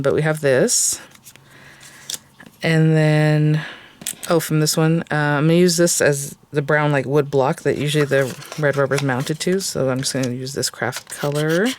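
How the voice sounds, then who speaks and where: A woman's voice: sits low, slight background noise. A woman hosting a casual crafting tutorial, chatting and thinking aloud with lots of fillers as she works. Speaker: craft channel host.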